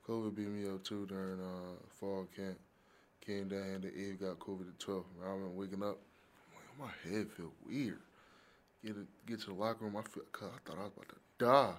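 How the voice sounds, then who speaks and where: A young male podcast host with a fairly low voice. He talks in slang and tells his stories with a lot of energy, and his pitch climbs sharply when he gets worked up. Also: fairly quick, a little hiss or hum. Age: young adult. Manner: animated, slangy storyteller. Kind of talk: casual podcast chat.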